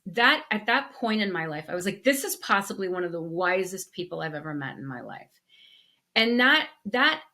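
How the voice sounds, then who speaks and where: A woman co-hosting a podcast, telling stories in a casual, animated way with frequent restarts. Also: mid-range voice. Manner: animated storyteller with many restarts. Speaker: podcast co-host. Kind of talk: casual conversation.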